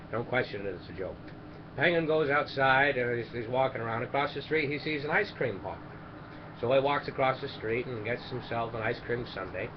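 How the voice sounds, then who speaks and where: A man tells long jokes in a loose, rambling way, breaking off for asides and restarts as he hosts a charity stream. The audio is dull and lo-fi. A steady hum of noise sits underneath. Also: medium pitch. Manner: rambling, self-interrupting storyteller with asides. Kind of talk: casual joke telling.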